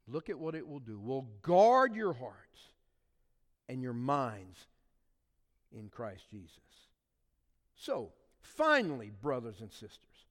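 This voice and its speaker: A male pastor preaches to his congregation in a church sanctuary, leaning on key words and stretching them out for emphasis. He speaks slowly at a medium pitch with huge swings in intonation. The long reverb of the church hall fills the recording.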